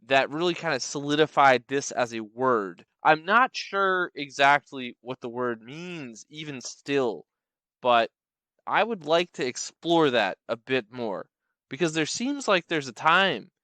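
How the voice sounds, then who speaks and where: A young man tells comic stories in a wry, rambling, playful way. His voice is bright and smooth. The recording is dry and close. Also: mid-range voice, lively intonation, unhurried, dry recording. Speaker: comedic storyteller. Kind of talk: comedic storytelling.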